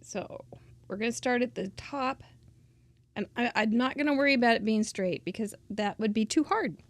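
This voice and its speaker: Casual crafting teacher lady, kinda high, chatty and giggly, dry room. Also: animated, moderate pace, dry recording. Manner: chatty, digressive, laughs often. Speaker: crafting instructor.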